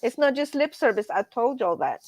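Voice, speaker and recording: Animated woman hosting a live stream. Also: a little high, moderate pace, dry recording. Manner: animated storyteller, says y'all, laughs often. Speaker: livestream host. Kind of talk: casual live-stream chat.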